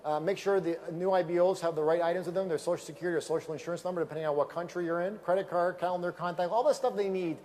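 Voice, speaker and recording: A man giving an energetic motivational speech at a sales event, emphatic and repetitive, telling stories from a stage microphone. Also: sits high, racing, hardly any pauses.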